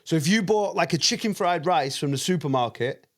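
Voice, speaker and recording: A man, hosting a podcast and chatting in quick, playful banter. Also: fairly high pitch, lively intonation. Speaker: podcast host. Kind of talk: casual chat.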